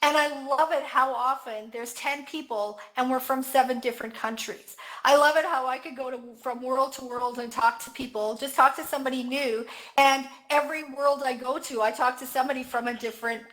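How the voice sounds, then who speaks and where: Woman with a high voice, chatty and enthusiastic, lots of ums. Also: fairly even intonation, brisk, fairly bright tone, poor audio. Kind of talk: casual conversation.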